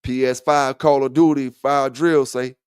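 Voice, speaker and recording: A man's voice: medium pitch, flat delivery, a little slow, darkish tone, smooth, no echo, studio quality. A man hosting a livestream dog talk show, chatting loosely with viewers in profane trash talk and laughing often. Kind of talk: casual livestream chat.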